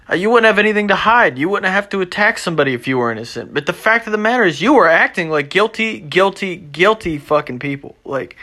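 On his own podcast, a young man goes off on an off-the-cuff monologue packed with profanity. He drifts from quiet mumbles to loud, worked-up eruptions.

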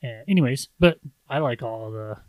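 A man's voice: mid-range voice, lively intonation, normal speed, a little mellow, no room sound. A man co-hosting a podcast, casually recapping a movie plot in a rambling way. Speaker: podcast co-host.

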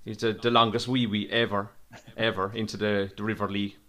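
A man's voice: fairly low pitch, flat delivery, brisk, fairly bright tone. A man hosting a podcast, teasing his guests and swearing in loose banter. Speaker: host.

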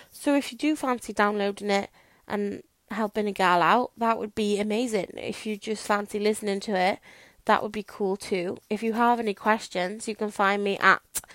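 A woman's voice: mid-range voice, no room sound. A young woman with a Welsh accent hosting her podcast, chatting in a rambling, self-deprecating way while lying on her bed talking into a microphone. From Wales. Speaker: podcast host. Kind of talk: casual chat.

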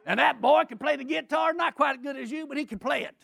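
A middle-aged man preaching a sermon as a lively story, often shouting and laughing as he tells it. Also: very high-pitched, quick pace, creaky.

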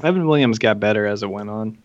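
A man's voice: lowish voice, fast talker, dry recording, muffled recording. A man co-hosting a podcast, chatting casually in a laid-back, agreeable way. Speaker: podcast co-host. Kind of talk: casual chat.

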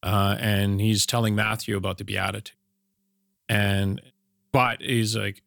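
Gravelly, soft-spoken low-voiced man. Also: flat delivery, moderate pace, no room sound, studio quality. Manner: easygoing, soft-spoken, self-deprecating. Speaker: podcast co-host. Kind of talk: casual faith discussion.

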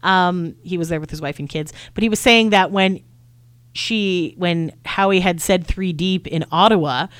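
Woman, casual co-host, lively storyteller, dry close sound. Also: normal speed, clear, resonant tone, no echo. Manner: animated storyteller, acts out quotes in high excited voices. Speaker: podcast co-host. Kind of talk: casual chat.

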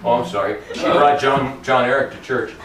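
A man preaching a sermon in a church, lively and conversational, often acting out Bible characters in casual everyday voices. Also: mid-range voice, normal speed, noisy background. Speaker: pastor. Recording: roomy echo, heard from a distance.

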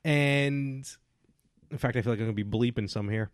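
A man co-hosting a casual podcast from his shared house, playful and quick to tease and joke. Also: mid-range voice, dry recording. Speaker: podcast co-host. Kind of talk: casual chat.

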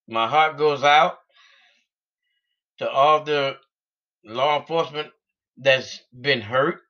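A man's voice: fairly high pitch, bright, forceful tone, muffled recording. A man vlogging in an unscripted, rambling way, earnest and laughing between thoughts. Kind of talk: casual unscripted monologue.

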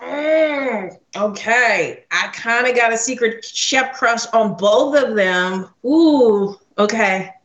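High-pitched woman chef, super animated, giggles a lot, faint music under it. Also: slow pace, hardly any pauses, roomy sound, dull audio. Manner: giggly, animated, laughs often. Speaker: guest chef. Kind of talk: casual interview chat.

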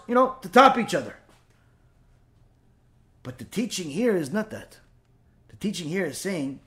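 Speaking a little slowly with frequent pauses, a high-pitched male teacher gives a religious lesson. He's animated, firing off rhetorical questions and staging imaginary exchanges.

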